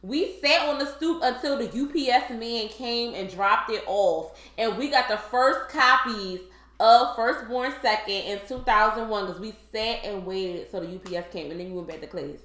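Brief: Philly-accented woman co-host, bright and a bit high, animated storyteller, roomy sound. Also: moderate pace. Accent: Philadelphia. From Philadelphia. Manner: animated storyteller, laughs often. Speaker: podcast co-host. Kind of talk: casual chat.

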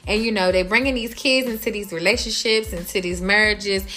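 Bright, animated woman dishing celebrity gossip. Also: mid-range voice, brisk. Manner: animated, exasperated, profane and repetitive. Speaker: host. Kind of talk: casual celebrity gossip commentary.

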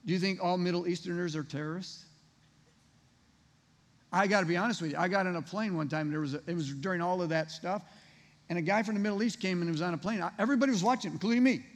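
A male pastor delivers a casual, conversational sermon, peppering the room with rhetorical questions. His voice sits high for a man. The sound rings with the long reverb of a large church hall. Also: fast, pauses often. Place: church sanctuary.

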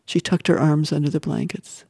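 A woman reading a novel aloud in measured, expressive audiobook narration, sometimes dropping to a whisper. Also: deep voice, creaky, slightly rough, dry recording, clean studio sound. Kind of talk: scripted narration.

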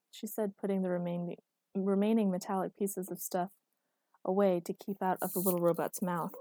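A woman narrating a story in an even, measured reading voice. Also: mid-range voice, dry recording.

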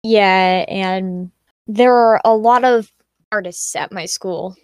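A woman in a casual chat, a student telling animated stories from school. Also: mid-range voice, slow pace, smooth, no room sound, studio quality. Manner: chatty, animated storytelling with acted-out quotes. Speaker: student co-host.

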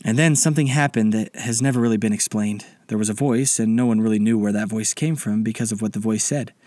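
A man narrating a children's bedtime story in a gentle, unhurried way. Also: fairly low pitch, no room sound.

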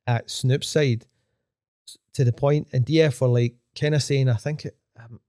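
A man's voice: medium pitch, steady tone, moderate pace, mellow, no echo, studio quality. A middle-aged man with a Glaswegian accent, telling stories in a rambling way, full of restarts and swearing. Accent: Glaswegian Scottish. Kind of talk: casual podcast chat.

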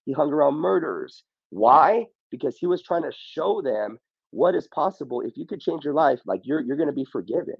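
A man's voice: fairly high pitch, expressive, brisk, vocal fry, slightly rough, dry recording, dull audio. A man speaking as a podcast guest in casual motivational talk, often saying "bro" and "you know what I mean".

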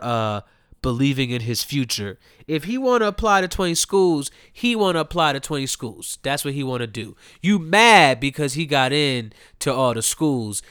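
A man's voice: mid-range voice, fairly bright tone, clear, resonant tone, dry recording, clean studio sound. A young adult man giving a profane, ranting commentary, heated and mocking, with emphatic repeated phrases. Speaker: commentary host.

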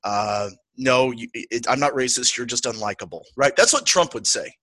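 A man co-hosting a podcast, chatting casually and with strong opinions about politics, often slipping into quick impressions of the people he talks about. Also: medium pitch, no echo. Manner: opinionated, animated, quotes people in put-on voices. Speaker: podcast co-host.

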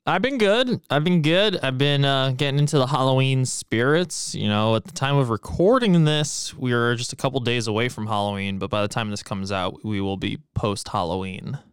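A man co-hosting a movie-review podcast, talking in an easygoing, joking way. His voice is smooth and resonant, and it sounds close and dry with no room echo. He laughs often and keeps the chat light. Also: mid-range voice, moderate pace, few pauses. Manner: relaxed, joking, laughs easily. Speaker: podcast co-host.

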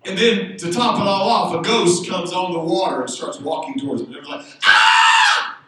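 A man preaching a sermon, telling a story and building to loud shouted exhortation. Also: high voice, a little fast, noisy background. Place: church sanctuary. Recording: echoey room, speaker far from the mic.

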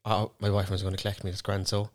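Cork lad co-hosting a podcast, deep voice, talks fast, swears loads. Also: male voice, monotone. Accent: Irish, Cork. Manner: swears freely, storytelling with voiced asides. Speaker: podcast co-host. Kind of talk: casual chat.

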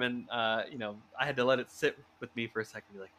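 A man hosting a casual fan podcast, animated, laughing often and restarting his sentences. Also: mid-range voice, quick pace, hardly any pauses. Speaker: podcast host.

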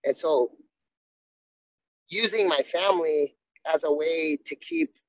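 A man's voice: a little high, lively intonation, takes it slowly, no room sound. A man, a jiu-jitsu coach, talking candidly and earnestly in a casual interview, often restarting his sentences. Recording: dull, dry sound.

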